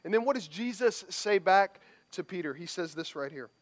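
A man's voice: high voice, lively intonation, moderate pace. A male pastor preaching a sermon in a casual, conversational way, often checking in with the congregation and restarting his phrases. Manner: conversational, tag questions, repeated restarts.

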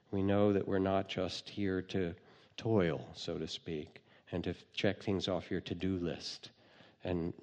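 Male meditation teacher, gentle and wry, gravelly timbre, recorded in a hall with a long reverb tail. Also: low-pitched. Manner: gentle storytelling with light humor. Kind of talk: dharma talk.

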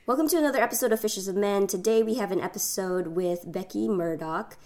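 A woman's voice: mid-range voice, fast talker, darkish tone, faint music behind. A woman co-hosting a podcast in casual chat, her voice phlegmy as she gets over an illness. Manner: chatty, many fillers and restarts. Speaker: podcast co-host.

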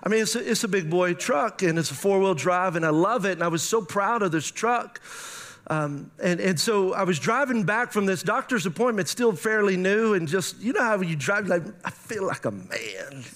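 Middle-aged male pastor, high-pitched, lively sermon storyteller. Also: moderate pace. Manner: storytelling, animated, acts out his own thoughts in quotes.

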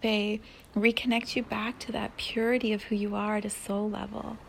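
A woman hosting a spiritual podcast, talking in a soft, dreamy way that often sinks into a breathy whisper. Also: medium pitch, flat delivery, moderate pace, a little hiss or hum. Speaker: podcast host.

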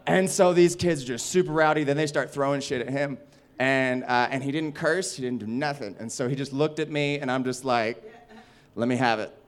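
A stand-up comedian, a man, telling a rowdy story in casual, animated speech with laughter and swearing. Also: medium pitch, a little fast.

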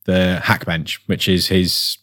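Tired, rambling bloke, low voice. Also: male voice, flat delivery, slow, a bit bright, dry recording, studio quality. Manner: rambling, lots of fillers and restarts. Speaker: podcast co-host. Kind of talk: casual chat.

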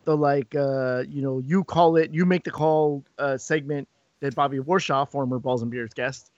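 A man co-hosting a podcast in casual chat, animated and often repeating words as he starts a thought. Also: medium pitch, normal speed, dry recording. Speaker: podcast co-host. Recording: dull lo-fi sound.

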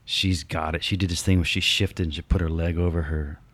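A middle-aged man, an actor, telling stories in a casual chat, animated and swearing, acting out quotes in other voices. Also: low voice, a little fast, no room sound.

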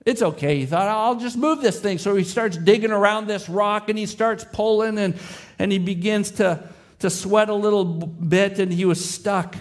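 A man's voice: sits high, fairly even intonation, moderate pace. A man preaching as pastor, telling an illustrative story with the boy's and father's voices, then leading a closing prayer. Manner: voices the boy and father in his story, softening to a hushed prayer.

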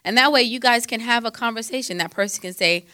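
Lady counselor, faith advice talk, bright punchy voice, dry sound, lots of ums. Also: on the high side, quick pace, no echo. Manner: conversational, quotes scripture, frequent fillers.

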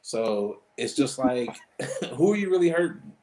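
A man's voice: mid-range voice, sing-song, a little slow, mellow, a little hiss or hum, low-quality recording. Profane, laughing podcast host man. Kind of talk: casual chat.

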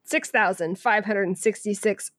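A woman's voice: medium pitch, unhurried, a bit bright, no room sound, clean studio sound. A woman co-hosting a podcast, talking casually and hesitantly with many fillers. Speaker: podcast co-host. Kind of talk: casual chat.

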